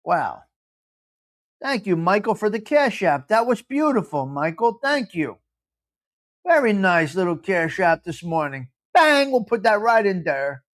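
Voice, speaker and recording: A New York-accented man hosts a casual live chat, blunt and full of opinions. He talks in an animated way, repeats himself for emphasis, and slips Italian phrases into his talk. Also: sits high, unhurried. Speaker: live show host.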